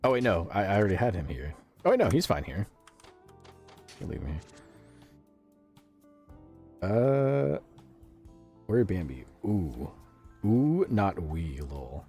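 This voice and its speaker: Faint music plays behind a US man's low, darkish voice as he streams a game. He takes his time, pausing often, with big pitch swings, and his casual live gameplay commentary mixes frequent laughter, free swearing and answers to his chat.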